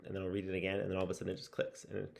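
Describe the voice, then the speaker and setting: A man's voice: low voice, completely flat delivery, racing, vocal fry. A man talking through a casual video update on his language study, rambling and musing with lots of restarts. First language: English. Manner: rambling, with many fillers and restarts; musing and self-reflective. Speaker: language-learning vlogger. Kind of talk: casual spoken progress update.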